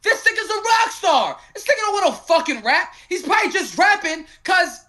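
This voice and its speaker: A man in his thirties argues loosely and profanely. His high, bright voice swings widely in pitch and often breaks into laughter. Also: big pitch swings, moderate pace. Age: 30s. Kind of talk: casual debate.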